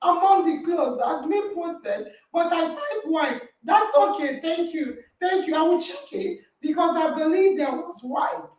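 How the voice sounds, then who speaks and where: Animated woman host, very high voice, plays out stories, echoey and off-mic. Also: a little slow, few pauses, distant mic. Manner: animated storytelling, reenacting dialogue with laughter. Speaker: podcast host. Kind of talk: lively online group call chat. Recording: roomy echo, voice from off-mic.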